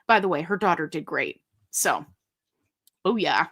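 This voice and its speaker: A woman hosting a casual live stream, chatting with viewers and reading their comments in a lively, joking way. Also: mid-range voice. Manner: chatty and animated, quick asides and laughs. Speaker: livestream host.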